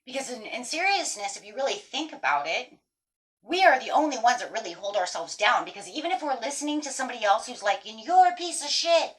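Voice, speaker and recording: Woman tarot reader, higher voice, animated and emphatic casual talk to the camera. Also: fast talker. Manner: animated, emphatic, swears casually, talks straight to viewers. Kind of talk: casual tarot reading monologue.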